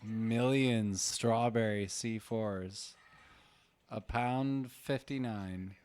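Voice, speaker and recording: A man's voice: lowish voice, fairly even intonation, extremely slow, darkish tone, clear, resonant tone. Laconic man giving short reactions. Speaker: podcast co-host. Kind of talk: casual chat.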